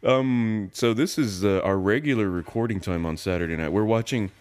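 A man with a very low, deep voice, chatting casually as a podcast co-host. He talks in a flat monotone and tends to ramble, laughing at his own jokes. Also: moderate pace. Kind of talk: casual chat.

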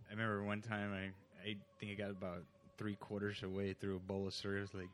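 A man's voice: fairly low pitch, monotone, fairly quick, fairly bright tone, slight background noise. A man co-hosting a casual podcast from home, joking around, swearing freely and laughing often. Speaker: podcast co-host. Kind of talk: casual chat. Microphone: table microphone.

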